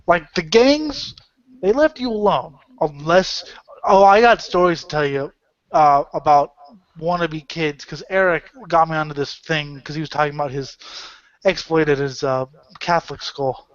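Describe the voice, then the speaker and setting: Podcast co-host, man, rambling storyteller, slightly high voice, dull lo-fi audio. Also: moderate pace. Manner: rambling storyteller, laughs often, restarts. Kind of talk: casual chat. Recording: dull lo-fi sound.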